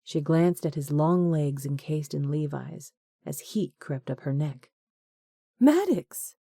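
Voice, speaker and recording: Low, warm-voiced woman narrating a romance. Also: steady tone, a little slow, gravelly, no echo, studio quality. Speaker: audiobook narrator. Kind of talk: scripted narration.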